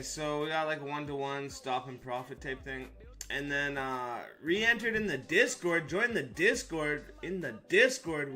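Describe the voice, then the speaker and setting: A man's voice: fairly high pitch, bright, forceful tone. A man hosting a live trading stream, chatting casually in a joking, hyped, slangy way with some swearing. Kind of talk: casual live-stream chat over charts.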